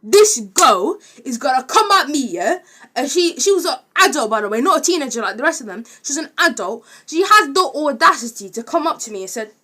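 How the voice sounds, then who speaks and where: A woman's voice: high-pitched, sing-song, fairly quick, bright, forceful tone. A young woman telling a casual, rambling storytime with lots of filler words. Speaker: vlogger.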